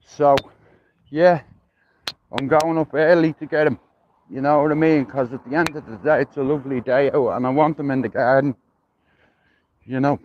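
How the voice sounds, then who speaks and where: This livestream features a middle-aged Dublin man from Ireland strolling outdoors through a neighbourhood, rambling casually, cursing, and leaning heavily on "you know what I mean." His pitch is medium, and the muffled recording carries a little hiss or hum.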